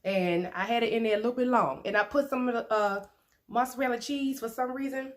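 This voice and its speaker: A woman hosts an eating vlog, chatty and playful. Her voice sits a little high, and she laughs easily between bites. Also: fairly quick, noisy background. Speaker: mukbang vlogger. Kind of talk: casual chat while eating.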